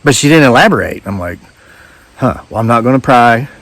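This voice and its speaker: A man's voice: medium pitch, lively intonation, brisk, fairly bright tone, dry recording. A man talks in an easygoing, wandering way, circling back on himself with asides. His voice sits in the middle range and sounds dry and close. Crickets chirp behind him outdoors. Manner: wry, rambling, self-interrupting storyteller. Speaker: vlogger. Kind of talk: casual storytelling monologue. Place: outdoors in woods.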